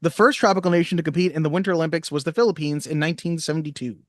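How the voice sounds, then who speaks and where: A man co-hosting a casual movie podcast, reading trivia facts briskly and chatting. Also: a little high, fairly even intonation, no echo, studio quality. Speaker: podcast co-host.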